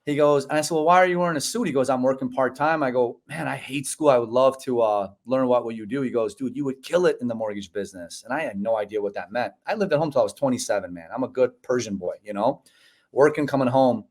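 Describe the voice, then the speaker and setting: Animated man telling a story. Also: medium pitch, fast talker. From United States (Chicago). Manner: animated storyteller, acts out quoted dialogue, says "bro" and "man". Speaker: podcast guest. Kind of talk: storytelling in a casual interview.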